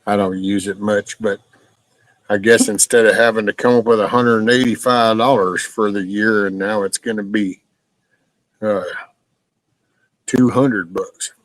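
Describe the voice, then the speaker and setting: A man's voice: fairly low pitch, fairly even intonation, measured pace, long pauses, no room sound, low-quality recording. A man in his sixties hosting a casual live stream, chatting bluntly and folksily with plenty of profanity while answering viewer comments.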